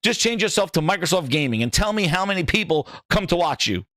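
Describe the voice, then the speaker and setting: A man's voice: high-pitched, animated, quick pace, pushed and bright, no echo, clean studio sound. A man hosting a gaming channel, ranting in heated, exasperated commentary with swearing and mocking asides.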